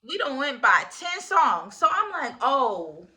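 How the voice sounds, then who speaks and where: A young woman in her twenties telling a casual storytime, animated and full of slang, laughing often. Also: sits high, measured pace. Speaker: vlogger.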